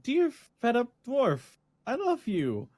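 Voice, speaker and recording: Man playing a loving advice-lady, lilting and earnest, lively pitch, dry close sound. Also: slow pace, no echo, exaggerated voice. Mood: caring. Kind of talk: reading an in-character advice letter.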